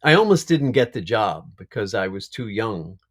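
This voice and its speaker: Man, actor guest, unhurried and reflective, laughs often, video call. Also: lowish voice, big pitch swings, breathy edge. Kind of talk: casual interview chat.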